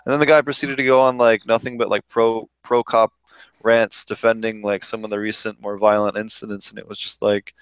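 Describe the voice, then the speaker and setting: Male podcast host, lowish voice, smooth and clear, loose profane ranting. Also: level tone, a little fast, no echo. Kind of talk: casual podcast chat.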